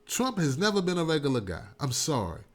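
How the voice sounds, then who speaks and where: Male talk host, higher voice, casual animated rant, repeats himself, laughs a lot. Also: a little fast. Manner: animated, repetitive, laughs often. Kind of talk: casual political commentary.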